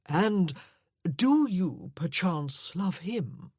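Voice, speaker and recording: A woman voicing a languid aristocratic man who speaks in a sighing, deliberately bored way. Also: on the low side, sing-song, a little mellow, husky, no room sound, clean studio sound, heavily acted. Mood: drawling.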